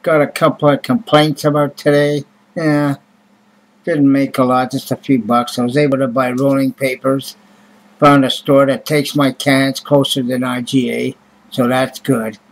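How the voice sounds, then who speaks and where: A man's voice: mid-range voice, little pitch movement, a little slow, poor audio. Grumbling, foul-mouthed man. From Canada. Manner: grumbling, profane, blunt complaining. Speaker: vlogger. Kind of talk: casual ranting monologue to camera.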